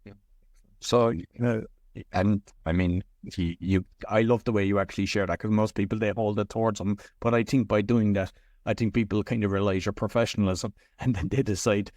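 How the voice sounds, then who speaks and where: A man's voice: lowish voice, steady tone, a little fast, a little mellow, no echo, clean studio sound. A man hosting a podcast, speaking in a friendly, encouraging way and praising his guest. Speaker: podcast host. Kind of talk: podcast interview chat.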